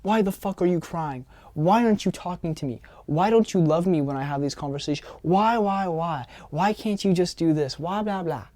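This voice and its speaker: A man's voice: high-pitched, normal speed, hardly any pauses, dark tone, no echo, natural voice. A man acting out a harsh, angry father berating his crying child.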